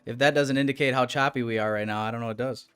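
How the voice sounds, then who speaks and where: A man's voice: mid-range voice, fairly even intonation, fast, a bit bright, clean tone, soft background music. A young man hosting a trading livestream, ranting casually and profanely at his chat with big swings in energy.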